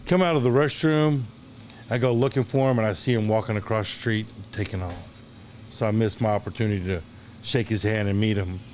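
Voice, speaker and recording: A man, a longtime bartender, telling animated stories in a casual interview, stumbling and restarting often. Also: fairly low pitch, fairly quick, slight background noise. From Dallas, Texas. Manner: animated anecdotes, acts out quoted voices, hesitant restarts. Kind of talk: casual storytelling.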